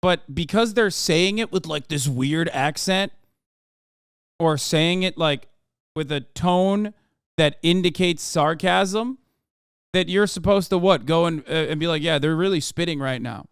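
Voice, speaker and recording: A man's voice: fairly high pitch, a little slow, clean tone, no echo, clean studio sound. A man reacting to the news on a live stream, with sarcastic, rambling, mocking commentary.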